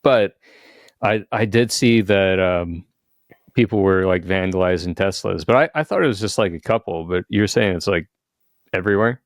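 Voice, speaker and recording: A man's voice: sits low, moderate pace, no room sound, studio quality. A man co-hosting a podcast in casual chat, hesitant, with many restarts and fillers. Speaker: podcast co-host.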